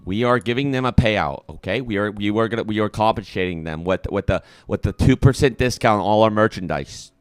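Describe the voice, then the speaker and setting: A man hosting a comedic call-in show skit, talking in an awkward, evasive deadpan. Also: on the low side, fairly quick, few pauses, smooth, soft background music.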